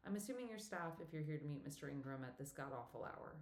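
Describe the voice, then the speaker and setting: A woman's voice: low voice, animated, fast. A woman narrator voicing a friendly, teasing older woman who works at a theater box office, with a faint Welsh accent. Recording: echoey room.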